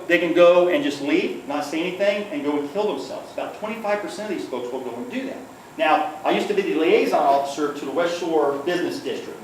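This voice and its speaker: A man's voice: a little high, darkish tone. A man giving a conversational workplace-safety training talk, often checking in with "okay?" and acting out quotes. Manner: checks in with the audience with frequent "okay?"; storytelling with acted quotes. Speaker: workplace safety trainer, former police liaison officer. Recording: echoey room, far from the mic, faint noise.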